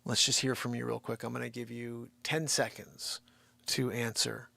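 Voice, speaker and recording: A man's voice: mid-range voice, level tone, normal speed, creaky, bright, forceful tone, dry recording. A man hosting a live stream, casually chatting and impatiently prodding viewers to answer in the chat.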